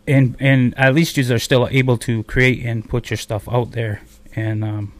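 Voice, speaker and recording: A man's voice: mid-range voice, flat delivery, moderate pace, no echo. Radio guy from a border reservation, rambly casual chat, lots of ums. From Akwesasne, on the Canada-US border. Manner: rambling, loose, with many fillers. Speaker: community radio host. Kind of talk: casual live radio interview.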